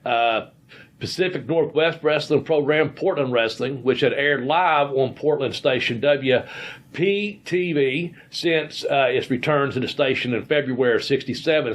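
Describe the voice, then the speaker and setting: A man, a podcast host and former wrestler, telling rambling anecdotes full of fillers and restarts. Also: medium pitch. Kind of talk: casual storytelling chat.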